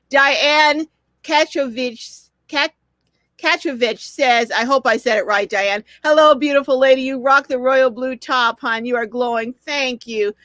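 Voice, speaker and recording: A woman's voice: sits high, a bit bright, no echo. An older woman hosting a live stream, reading viewer comments aloud and greeting each viewer with effusive chatter.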